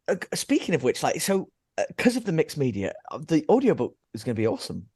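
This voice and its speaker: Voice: medium pitch, huge pitch swings, quick pace, a little mellow, breathy edge, dry recording, studio quality. A podcast host, interviewing an author in an enthusiastic, gushing way. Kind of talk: casual interview chat.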